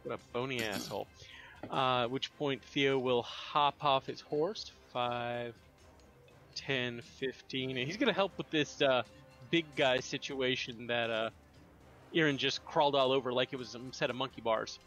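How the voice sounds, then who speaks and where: Bright-voiced, jokey male player. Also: medium pitch, a little slow, faint music behind. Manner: jokey, playful, rambling. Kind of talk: casual tabletop play.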